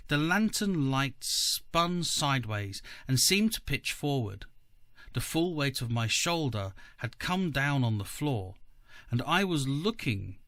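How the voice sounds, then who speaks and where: A man, a podcast co-host, reading a story aloud in measured first-person narration. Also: medium pitch, fairly bright tone, no room sound, clean studio sound. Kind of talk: audiobook reading.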